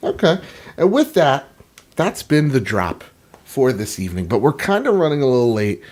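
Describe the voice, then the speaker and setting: A man co-hosting a casual gaming podcast, talking in an excited, slangy, playful way. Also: mid-range voice, moderate pace. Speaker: podcast co-host.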